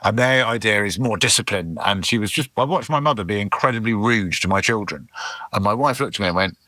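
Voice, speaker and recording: A man's voice: fairly low pitch, expressive, fast, bright, forceful tone, dry recording. A middle-aged man, a comedian guesting on a podcast, telling rambling anecdotes with lots of restarts and acted-out asides. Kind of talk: casual chat, anecdotal storytelling.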